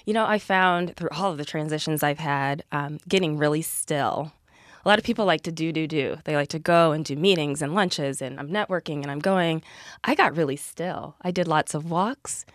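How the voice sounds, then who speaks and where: A woman's voice: deep voice, normal speed, no room sound, studio quality. A woman as a podcast guest, speaking in an earnest, heartfelt way about her life. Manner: gives frequent soft affirmations while listening. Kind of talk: reflective interview talk.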